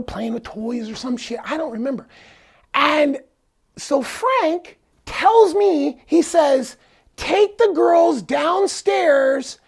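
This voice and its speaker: A man's voice: very high voice, vocal fry. A man telling a personal story in a casual vlog, angry, profane and rambling. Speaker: vlogger.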